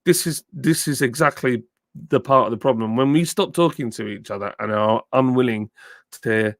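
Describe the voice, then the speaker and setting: A middle-aged man from the south of England, his southern English accent softened by years in the north, chatting casually on a live stream and reading out viewer comments. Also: mid-range voice, moderate pace, no room sound, studio quality. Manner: chatty, thanking viewers by name, frequent ums and uhs. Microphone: phone with a plug-in mic.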